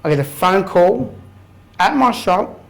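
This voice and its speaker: A man's voice: high voice, lively intonation, measured pace, a bit bright, rough recording. An Australian man in his thirties, telling his own story to a live audience in a blunt, candid way, swearing casually. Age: 30s. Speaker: guest speaker. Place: room full of people.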